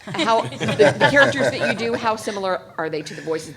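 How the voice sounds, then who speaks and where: A woman's voice: mid-range voice, animated, a little fast, a crowd in the background. A woman casting director moderating a panel, chatty and laughing as she tells stories. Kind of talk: casual panel talk.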